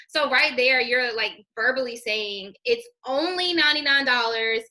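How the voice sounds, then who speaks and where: A young woman coaching her sales team in a chatty, high-energy way, her voice bright and keen, sitting a little above the usual female pitch. She talks straight to her listeners like friends. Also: normal speed. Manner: high-energy, chatty, says "girl" and "you guys" a lot. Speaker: network marketing team trainer. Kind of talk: casual training talk.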